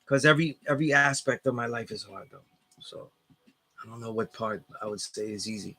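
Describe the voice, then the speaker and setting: A man's voice: mid-range voice, a little fast, sharp tone. A man with a New York accent, hosting a casual live class and chatting loosely with viewers as he reads their comments. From New York area. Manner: rambling, full of "you know what I'm saying". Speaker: class instructor reading live chat. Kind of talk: casual livestream chat.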